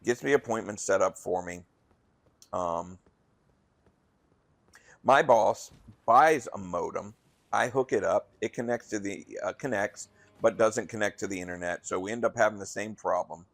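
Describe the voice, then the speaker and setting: A man's voice: on the low side, moderate pace, gravelly, pauses often, fairly bright tone, dry recording. A man, a restaurant manager, telling a rambling story in a casual, conversational way while gaming, acting out the dialogue he quotes.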